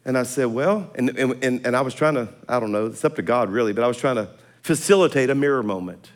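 A man preaching in a church auditorium. He tells stories with an animated delivery, laughing and swinging from loud to hushed. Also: medium pitch, quick pace. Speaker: pastor. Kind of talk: sermon.

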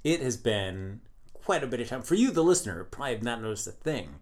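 A man's voice: mid-range voice, very animated, fast. Male podcast co-host, playful and wordy, casual chat.

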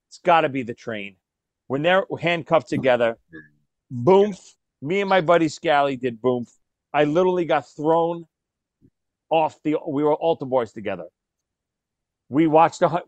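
A man's voice: a little high, no echo. A man hosting a casual chat, telling stories with laughter and acting out the lines he quotes. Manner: animated storyteller, laughs, acts out quoted lines. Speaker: podcast host.

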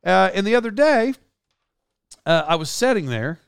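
Oklahoma guy, slight twang, chatty podcast storyteller, gravelly but clean tone, dry close mic. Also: high voice, big pitch swings, moderate pace, dry recording. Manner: rambling, self-correcting, laughs often. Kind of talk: casual storytelling chat.

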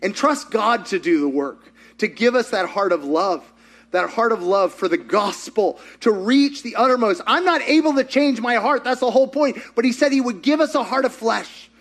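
A man's voice: very high voice, expressive, moderate pace, a bit bright. A man preaching as a pastor, telling a story and then leading a fervent prayer. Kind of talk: sermon and prayer.

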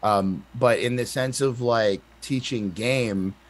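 A man's voice: mid-range voice, slow pace. A man co-hosting a casual album review, talking in a hesitant way with many fillers and restarts. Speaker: podcast co-host reviewing an album.

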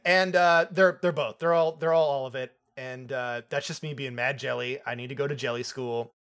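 A young man co-hosting a casual movie review podcast, excitable, laughing often and swearing casually. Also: mid-range voice, moderate pace. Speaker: podcast co-host.

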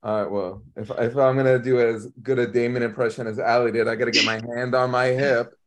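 A man's voice: mid-range voice, level tone, brisk. A man chatting on a podcast in a wry, teasing way. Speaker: podcast co-host. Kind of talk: casual podcast chat.

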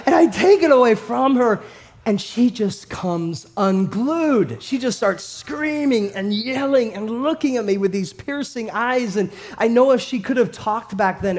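This thirty-something pastor has a very high-pitched voice. His sermon is animated and story-driven, shifting from quiet to loud and punctuated by laughs.

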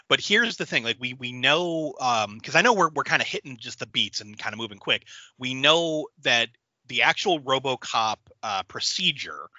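An animated man in his forties riffs on film ideas in casual podcast chat, laughing often and swearing freely. His voice is very bright and swings widely in pitch. The sound is dry and a little dull. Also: no echo. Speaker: podcast co-host.

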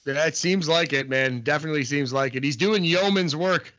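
A man's voice: on the high side, moderate pace, a bit bright, dull audio. A man co-hosting a podcast, giving a loose, laughing review of wrestling matches. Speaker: podcast co-host. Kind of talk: casual wrestling review chat.

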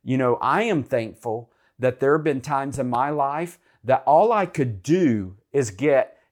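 A man's voice: medium pitch, lively intonation, a little slow. A man co-hosting a Christian talk show, speaking in an earnest, encouraging, preacherly way. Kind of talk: faith talk show chat.

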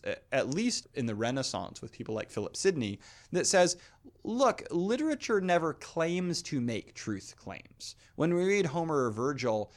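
Man lecturing thoughtfully on poetry. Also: a little high. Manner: thoughtful, reads translated verse aloud, frequent restarts. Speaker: poetry podcast host. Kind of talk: spoken lecture on classical poetry.

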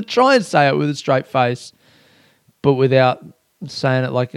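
A man's voice: mid-range voice, unhurried, clear, resonant tone, no echo, studio quality. Rambling, self-mocking young man podcasting. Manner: rambling, self-mocking, swears often, laughs a lot. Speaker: podcast host. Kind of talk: casual solo podcast chat.

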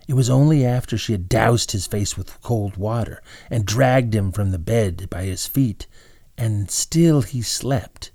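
A man reads a storybook aloud with dramatic pacing, sometimes falling to a whisper. His voice is low and gravelly with a husky edge. The sound is dry and close. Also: darkish tone, no room sound. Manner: dramatic, dropping to whispers at tense moments. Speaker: narrator. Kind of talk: storybook narration.

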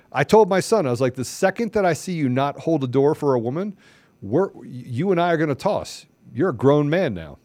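A middle-aged podcast host, with a fairly high-pitched voice and big pitch swings, speaks at a moderate pace in a dry recording. His preachy, impassioned monologue is packed with repeated rhetorical questions and rises nearly to shouting.

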